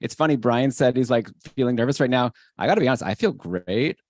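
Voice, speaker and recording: A man hosting a fantasy hockey podcast, chatty and excitable, with energetic shouted openers. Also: mid-range voice, fast talker, dry recording. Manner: hyped, energetic show opener. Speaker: podcast host. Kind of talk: casual podcast chat.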